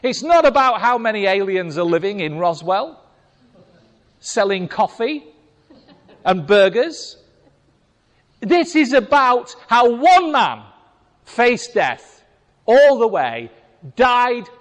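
A pastor preaches a sermon in a church hall, his very high-pitched voice very animated yet slow, with long pauses. He speaks emphatically, firing rhetorical questions at the congregation. The long reverb of a large hall fills the recording.

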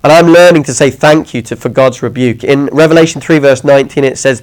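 A man's voice: mid-range voice, fairly quick, hardly any pauses, low-quality recording. A man preaching a sermon, talking conversationally and often checking in with his listeners.

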